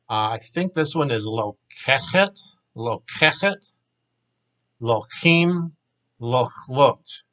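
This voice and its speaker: A man's voice: mid-range voice, normal speed, bright, forceful tone, low-quality recording. A man teaching a language lesson, patiently walking learners through verb forms and repeating each word for them. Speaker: Hebrew teacher.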